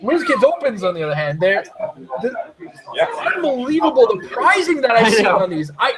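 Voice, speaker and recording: High-voiced guy going off on eager rambly tangents, laughing a lot, chattery crowd in the background. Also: moderate pace, rough recording. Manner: rambling, excitable, laughs often. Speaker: podcast host. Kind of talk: casual chat.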